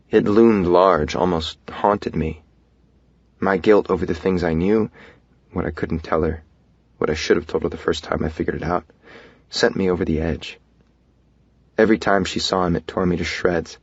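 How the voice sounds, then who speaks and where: Deep, gravelly male audiobook narrator. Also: dry recording, muffled recording. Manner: soft, intimate, reflective reading. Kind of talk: first-person romance audiobook narration.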